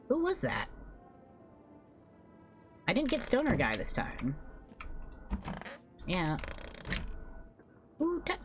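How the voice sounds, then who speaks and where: A woman's voice: fairly high pitch, fairly bright tone, slight background noise. A young woman streaming a game, chatting casually, swearing and sounding exasperated.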